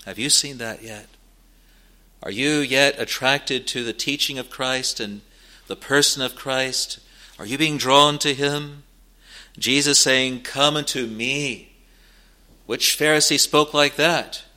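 Slow, bright-toned earnest male preacher. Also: mid-range voice, fairly even intonation. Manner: slow, earnest preaching with rising emphasis and pauses. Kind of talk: sermon.

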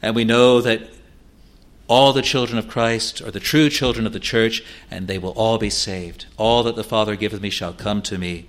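A man preaching a sermon in an earnest, pleading manner, slowing for scripture and rising to emphatic peaks. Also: on the low side, fairly even intonation. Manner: slow, deliberate delivery of scripture.

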